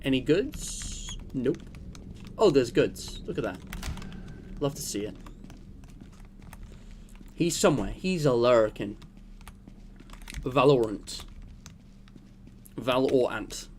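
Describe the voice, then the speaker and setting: A young man with a mid-range, slightly mellow voice is very animated yet speaks slowly, pausing often, with slight background noise. He's streaming a game, rambling and joking with chat as he plays.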